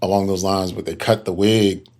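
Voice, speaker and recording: A man's voice: low-pitched, level tone, normal speed, darkish tone. A young man co-hosting a casual podcast, laid-back and joking as he chimes in. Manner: laid-back, playful interjections and jokes. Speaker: podcast co-host.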